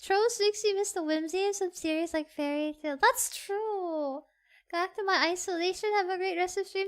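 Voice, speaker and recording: Very high, bright, giggly streamer. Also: moderate pace. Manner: giggly and excitable, squeals. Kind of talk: casual live-stream chat.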